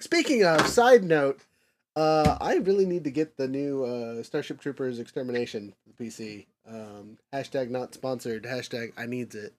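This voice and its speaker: A man's voice: medium pitch, moderate pace. A man hosting a casual podcast chat in a mid-range voice. He rambles through fillers and restarts, drifting into nerdy tangents and laughing them off. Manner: rambling, filler-heavy, self-correcting. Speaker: podcast host.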